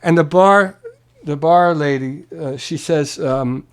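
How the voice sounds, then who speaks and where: With a clean tone and fairly high pitch, a guest musician speaks a little slowly in an interview at his home. His long story is casual and animated, peppered with swearing, and he acts out the other characters' voices.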